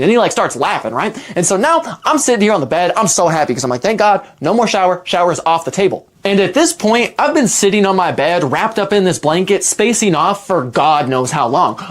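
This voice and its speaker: A young man recounting a story from his own life in an animated, rambling way. His voice rises and falls a great deal, and he fills his sentences with "like" and restarts. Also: sits high. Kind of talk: casual storytime narration.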